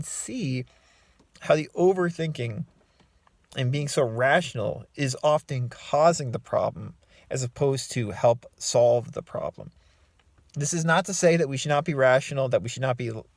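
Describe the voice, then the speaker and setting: A man speaking at an ordinary middle pitch, calm and reflective, often pausing on fillers and restarting his phrases. He gives casual self-help advice straight to his viewers. The sound is dry and close, with no room around it. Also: no room sound. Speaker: self-help author and coach. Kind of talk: casual talking-head advice.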